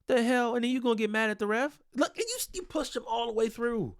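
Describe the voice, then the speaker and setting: A man's voice: very high voice, expressive, fast, smooth, no room sound, clean studio sound. A man breaking down basketball game film in a casual, exasperated and blunt way, swearing freely.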